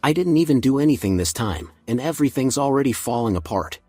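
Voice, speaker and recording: A man voicing a cocky young hero who turns flustered, speaking in quick, nervous asides. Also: medium pitch, animated, mellow, no echo, soft background music, close to an everyday voice.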